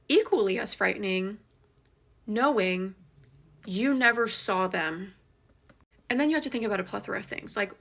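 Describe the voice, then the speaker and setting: Young woman telling a dramatic storytime. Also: mid-range voice. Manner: animated and dramatic, shifting between fast rushes and slow emphasis. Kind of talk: casual spoken storytime.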